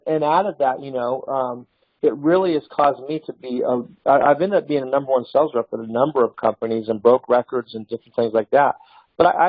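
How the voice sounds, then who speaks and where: A man's voice: medium pitch, dry recording. Man telling sales stories, dry lo-fi sound. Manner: storytelling, animated with restarts. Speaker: sales trainer. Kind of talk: casual motivational talk.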